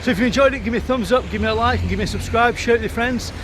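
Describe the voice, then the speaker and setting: A man's voice: very high voice, racing, noisy background. A man with an English accent, narrating his own vlog outdoors on a hilltop in a chatty way, with many fillers and restarts. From England. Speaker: vlogger.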